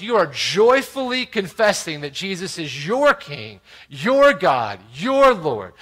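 A pastor with a high-pitched voice walks through a scripture passage. He rises to loud emphasis and drops to quiet asides, often checking in with "right?". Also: poor audio. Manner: expository preaching with frequent "right?" asides. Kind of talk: sermon.

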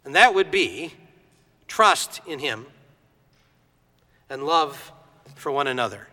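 A man preaching a sermon in a lively storytelling way, acting out the voices in his story. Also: on the high side, slow pace, in a large hall. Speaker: pastor.

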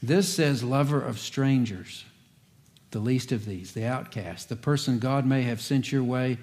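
A man's voice: mid-range voice, unhurried, a little mellow. A man, a pastor, giving a conversational sermon with folksy asides and light humor.

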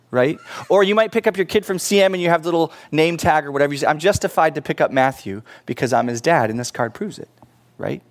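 A man's voice: on the high side, fast. A middle-aged man preaching a sermon in church, earnest and pleading, with casual asides to the congregation. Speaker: pastor.

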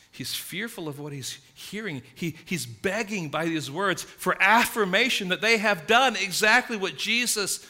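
A man preaching a sermon, emphatic, swinging between loud stresses and hushed asides. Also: on the high side. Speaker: pastor.

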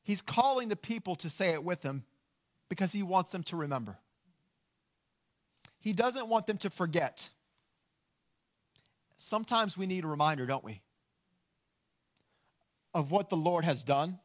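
Male pastor, high voice, sermon, earnest, emphatic. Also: expressive. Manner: earnest, emphatic, slows down on key lines.

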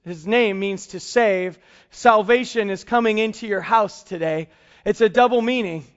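A man preaching a sermon as a pastor, telling family stories in an animated way and slowing down to stress key points. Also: high-pitched, muffled recording. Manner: storytelling, animated, slows for emphasis.

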